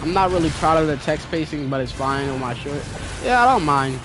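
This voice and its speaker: Talking fairly quickly with lively intonation and a slightly high voice, a young man streams a game and chats loosely with viewers in a slangy, talkative style. Game music plays behind him.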